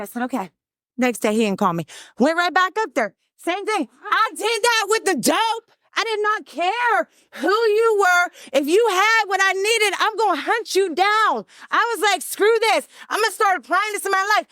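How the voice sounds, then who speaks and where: A middle-aged woman with a high voice tells her recovery story as personal testimony. She talks loud and emphatic and acts out the quotes. The sound is dry and close. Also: lively intonation, moderate pace, no room sound.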